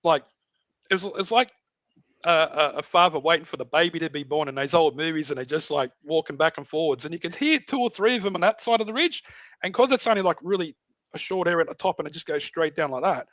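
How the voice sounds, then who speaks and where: Fast-talking and fairly high-pitched, this middle-aged Australian podcast guest tells an animated story in casual conversation, imitating voices and sounds along the way. The recording is dry and lo-fi.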